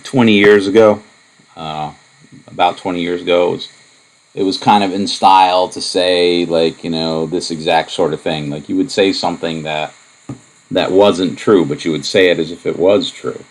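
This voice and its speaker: A man lecturing on propositional logic, explaining in a relaxed, wandering way with many asides and fillers. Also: sits low, low-quality recording. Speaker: math lecturer. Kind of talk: recorded lecture.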